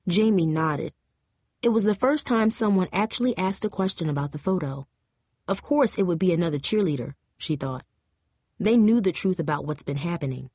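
A woman's voice: fairly low pitch, expressive, normal speed, darkish tone, husky, dry recording. Woman narrating an audiobook, dry sound.

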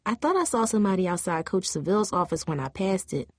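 A woman's voice: fairly low pitch, very animated, fast talker, husky, dry recording, studio quality. A woman reading an audiobook, voicing a blunt, confiding teenage girl cheerleader. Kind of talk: audiobook character voice.

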